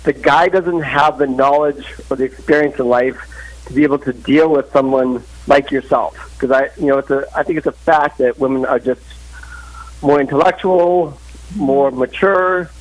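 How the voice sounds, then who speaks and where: A man's voice: mid-range voice, steady tone, moderate pace, rough recording. A man calling in to a live talk show, giving earnest, opinionated relationship advice with many restarts. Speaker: caller. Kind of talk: phone-in advice chat. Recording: live call line.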